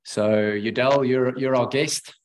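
A man with a South African accent hosting an online finance webinar, talking haltingly with many fillers and restarts. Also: medium pitch, steady tone. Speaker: webinar host and financial planner. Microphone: headset.

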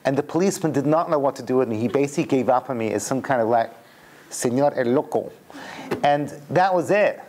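A man with a British accent, a rabbi giving a humorous lecture to a live audience. He tells stories with lively jokes and then turns them into teaching. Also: medium pitch, fast, few pauses. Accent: British English. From Britain. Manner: animated storyteller, mixes jokes with teaching.

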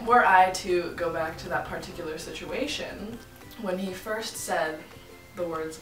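A woman's voice: on the low side, animated, moderate pace. A woman co-hosting a comedy chat show, playfully spinning absurd stories. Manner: playful, spins absurd revenge fantasies. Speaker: co-host. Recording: roomy and distant, music behind. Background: music.

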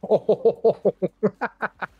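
A man's voice: high-pitched, extremely slow, husky, dry recording, phone-quality sound. A man joking and laughing often as a co-op partner in casual banter while gaming.

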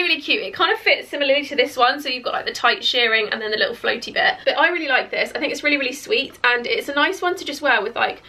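Chatty woman with a croaky voice. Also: on the high side, sharp tone. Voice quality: chatty, filler-heavy with lots of "like". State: croaky voice cracking from hiccups. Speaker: fashion vlogger. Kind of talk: casual try-on haul chat. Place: bedroom beside a clothes rail.

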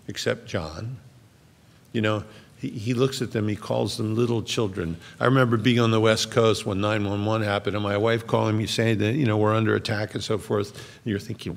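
A man's voice: mid-range voice, vocal fry, big-room sound. A middle-aged male pastor preaching a sermon in a large church, reading scripture aloud with earnest explanation.

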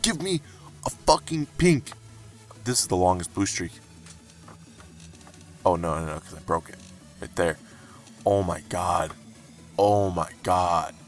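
A young man commenting as he opens game cases, frustrated and pleading, breaking into high outbursts. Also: steady tone, a little slow, long pauses, faint music behind. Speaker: gaming YouTuber. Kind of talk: game case-opening commentary.

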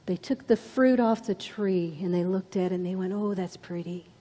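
A woman's voice: medium pitch, moderate pace, mellow, long reverb tail. A woman preaching a sermon with dramatic storytelling, dropping to whispers for emphasis. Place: church.

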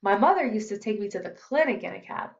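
A woman's voice: mid-range voice, animated, fast, vocal fry, dull audio. A woman voicing a friendly, chatty teenage boy who works as an assistant trainer.

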